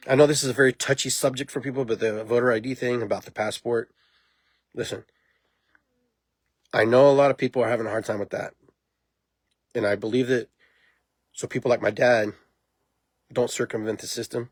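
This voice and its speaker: A man hosting a podcast in a casual monologue, talking in an animated, rambling way and laughing at himself. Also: medium pitch, dry recording. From immigrant to the United States. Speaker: podcast host.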